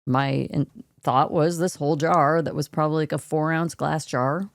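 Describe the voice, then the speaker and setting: A woman's voice: sits low, fairly even intonation, moderate pace, dry recording. A woman co-hosting a podcast, telling a story in casual chat, explaining each step in detail. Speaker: podcast co-host.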